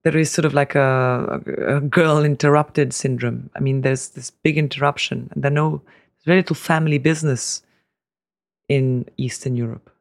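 Gravelly middle-aged man telling family stories. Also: medium pitch, steady tone, normal speed, dry recording, clean studio sound. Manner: rambling anecdotes with fillers, laughs easily. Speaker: guest, family business heir. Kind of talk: casual storytelling interview.

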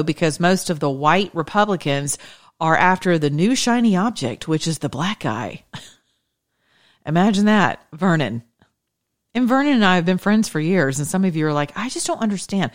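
A woman giving an opinionated, chatty monologue to her followers, emphatic and sarcastic. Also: sits low. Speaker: political commentator.

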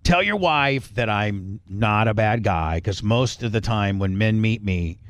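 A man hosting a podcast, telling a story in a loose, profane, animated way and acting out the quotes. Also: fairly low pitch, a little slow, dry recording. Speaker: podcast host. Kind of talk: casual storytelling chat.

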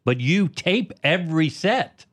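A man's voice: on the high side, lively intonation, a little slow, a bit bright, husky, no echo, studio quality. A man co-hosting a comedy podcast, asking curious, probing questions in a teasing, casual tone.

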